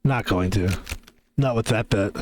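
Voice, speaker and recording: Music plays under a fairly low-pitched, unhurried male voice on a rough recording. He's streaming a card game, offering casual commentary that rambles, jokes and swears freely.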